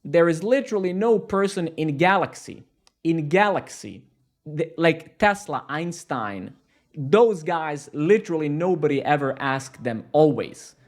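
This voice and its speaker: A man's voice: fairly high pitch, animated, measured pace. Rambling, sarcastic man live-streaming. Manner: rambling, sarcastic, profane, self-mocking. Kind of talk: casual live-stream chat.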